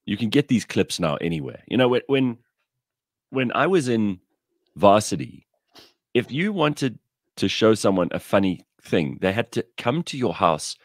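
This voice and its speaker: A man's voice: fairly low pitch, measured pace, no echo, studio quality. A man telling blunt, irreverent stories in a casual chat. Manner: animated storyteller, blunt and irreverent. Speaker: podcast co-host.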